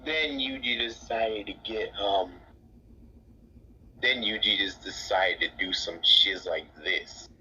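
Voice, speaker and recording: A young man recapping a story in a rambling, halting, mumbly way. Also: fairly low pitch, sharp tone. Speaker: co-host. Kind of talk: casual fan recap. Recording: dull lo-fi mic with faint hiss.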